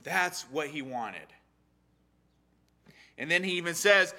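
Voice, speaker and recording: A young adult man giving a casual sermon on a Bible story, animated and acting out the characters' lines. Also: fairly high pitch, slow, long pauses. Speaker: Bible study teacher.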